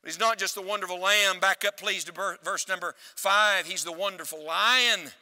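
A male evangelist delivers an emphatic church sermon, pausing so the congregation can shout the next word back. His voice sits high and sounds bright and piercing. It rings out with a long reverb, as if in a big hall. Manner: emphatic preaching with call-and-response.

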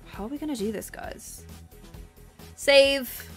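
A young woman streaming a building game, chatting casually and excitedly thanking her viewers. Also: sits high, takes it slowly, pauses often. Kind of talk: casual gameplay livestream chat. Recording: faint music behind.

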